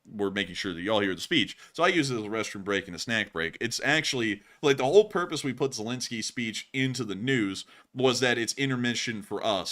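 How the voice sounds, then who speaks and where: Bright-voiced, excitable male stream host. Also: lowish voice. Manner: laughs often, rambling and excitable. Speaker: livestream news host. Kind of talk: casual livestream chat.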